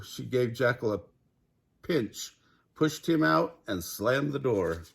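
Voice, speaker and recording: An older man, a grandfather, narrating a children's story aloud in an animated, chuckling way. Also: medium pitch, measured pace, gravelly, breathy edge.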